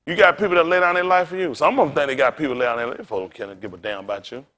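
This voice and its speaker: Higher-voiced male pastor, preaching loosely. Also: rapid-fire. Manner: casual preaching with big swings in pitch and loudness; talks directly to the congregation. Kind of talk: sermon.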